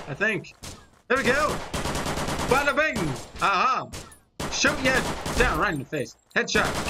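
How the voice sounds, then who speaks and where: A person in their twenties giving excited, rambling gameplay commentary, talking straight to viewers and poking fun at themselves. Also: medium pitch, noisy background. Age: 20s. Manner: rambling, animated, talks to viewers, self-mocking. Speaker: gaming commentator. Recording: loud game gunfire under the voice.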